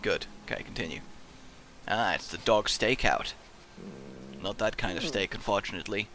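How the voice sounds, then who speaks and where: A young man giving playful, excitable let's-play commentary and chatting to the game character as he plays. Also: lowish voice, moderate pace, a little hiss or hum. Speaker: gaming video host.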